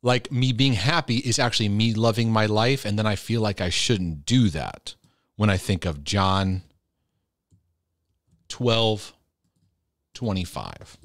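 A man's voice: on the low side, slow pace, long pauses, dry recording, clean studio sound. A man answering viewer questions in a casual, earnest and direct way, often restarting his sentences. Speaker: Christian mental health teacher answering viewer questions.

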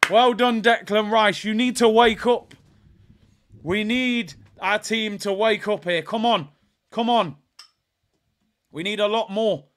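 A young man hosting a live football watch-along, reacting with frustration and shouting at the players. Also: sits high, fairly even intonation, slow pace, long pauses. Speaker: fan watch-along host.

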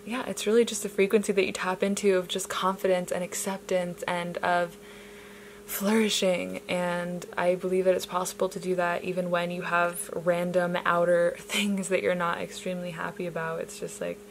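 A young adult woman chatting casually to camera as a vlogger, bubbly and gushing at times, then drifting into soft, reflective musing. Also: fairly low pitch, level tone, normal speed, a little hiss or hum, rough recording. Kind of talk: casual vlog chat.

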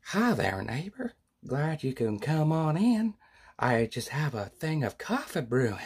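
A man's voice: on the high side, very animated, measured pace, husky, heavily acted. A man doing a sweetly cursing neighbor. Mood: falsely sweet. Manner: soft, falsely friendly, swearing. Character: passive-aggressive male neighbor, sweetly profane.

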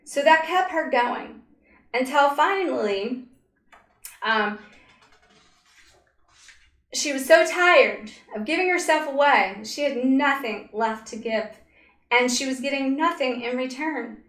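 A woman narrating a story slowly and dramatically, with pauses and fillers, as a spiritual coach. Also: high voice, animated, a bit bright. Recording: roomy echo.

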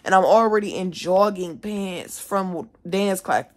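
A teenage girl telling a story from school in a casual vlog from her bedroom, animated, indignant and swearing freely. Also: mid-range voice, a little slow. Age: teens. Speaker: vlogger, student. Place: at home, bedroom.

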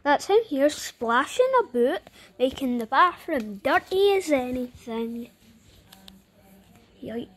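High-voiced woman reading a storybook aloud. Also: expressive, slow pace, long pauses. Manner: chatty, playful commentary. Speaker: story reader. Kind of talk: casual read-aloud with chatty asides.

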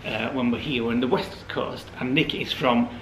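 A man's voice: mid-range voice, steady tone, normal speed, reverberant, slight background noise. A man with a West Yorkshire accent, co-hosting a playful casual home vlog. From West Yorkshire, England. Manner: cheerful, playful. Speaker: vlog co-host. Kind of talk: casual chat. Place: home kitchen.

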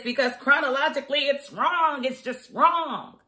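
A woman giving a casual, opinionated spoken review of a TV episode, chatty and quick to laugh. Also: mid-range voice, a bit bright. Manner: chatty and opinionated, laughs often, mimics characters. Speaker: TV show reviewer.

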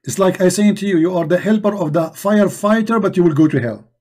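A man's voice: high voice, fast talker, darkish tone. A man hosting a live religious debate stream, mocking and emphatic, repeating rhetorical questions into a computer mic. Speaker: debate show host.

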